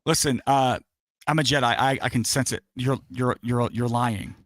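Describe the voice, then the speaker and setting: A man's voice: mid-range voice, normal speed, fairly bright tone, dry recording, studio quality, voice pushed down, lightly acted. A man doing a pushy accusing space knight. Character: stern male Jedi interrogator, pushy and accusing.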